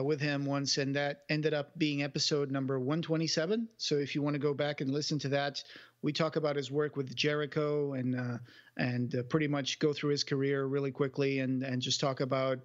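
A Portuguese man who speaks English with a mostly American sound, co-hosting a podcast in relaxed chat full of fillers. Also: fairly high pitch, dull audio. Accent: Portuguese, with American-style English. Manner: relaxed, thinks aloud with many fillers. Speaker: podcast co-host.

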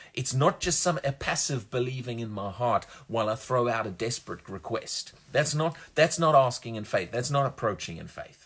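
A man's voice: mid-range voice, fairly bright tone, slightly rough. A man preaching a sermon with emphasis, often repeating words as he builds a point.

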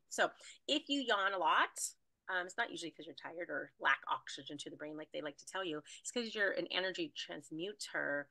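A woman energy healer talking casually and animatedly, rambling with fillers as she guides a spiritual clearing. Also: fairly low pitch, bright, forceful tone, no room sound, low-quality recording. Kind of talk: casual spiritual healing talk.

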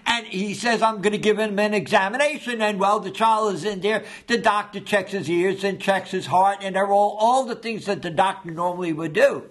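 A man's voice: high-pitched, brisk, few pauses, a bit bright. A man pastor preaching a sermon, telling a story and acting out the voices in it.

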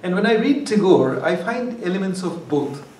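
A man's voice: high-pitched, lively intonation, moderate pace, a little mellow, slight background noise. Man lecturing in an echoey hall. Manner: discursive, restarts phrases, wry asides. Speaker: guest lecturer. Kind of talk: academic lecture. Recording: echoey hall, far from mic, faint ambience.

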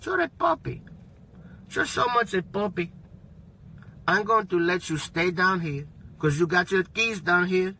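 A man voicing a calm, menacing gangster boss who talks slowly and quietly in a low voice. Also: a little hiss or hum, heavily acted. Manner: slow, low, threatening delivery.

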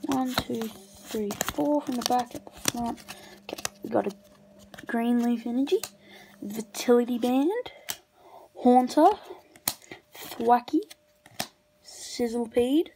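A woman opening trading card packs on camera in casual commentary, breaking into excited shrieks over good pulls. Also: on the high side, takes it slowly, pauses often, background noise.

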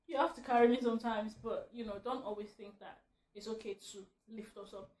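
High-voiced woman ranting with laughs. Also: fairly quick, echoey room, slight background noise. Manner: animated, laughing mid-rant. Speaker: vlogger. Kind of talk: ranting vlog. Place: home.

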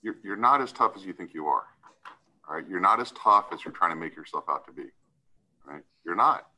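A man's voice: low-pitched, animated, brisk, sharp tone, poor audio. A man serving as a judge, sternly lecturing a defendant in a courtroom hearing and often tagging his points with "right?".

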